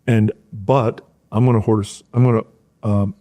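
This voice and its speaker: Mellow-voiced middle-aged man telling stories. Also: fairly low pitch, measured pace. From rural Wisconsin. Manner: animated storyteller, acts out coaches' shouts in a raised voice. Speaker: guest, former football player and coach. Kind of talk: casual storytelling in a podcast interview.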